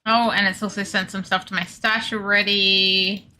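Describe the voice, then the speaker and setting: A young Australian woman chatting casually with her viewers while streaming a game, self-deprecating and quick to laugh. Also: mid-range voice, little pitch movement, pushed and bright. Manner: chatty, self-deprecating, laughs often, reads chat aloud. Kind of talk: casual gaming stream chat.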